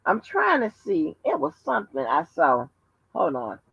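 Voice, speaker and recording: A woman rants to her livestream viewers in a profane, emphatic way, her voice swinging widely between high and low. Her tone is bright and forceful. The sound is dry and dull, like lo-fi stream audio. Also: measured pace, vocal fry, slightly rough, dry recording. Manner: animated, profane, emphatic storytelling. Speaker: livestream host. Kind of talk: casual livestream rant.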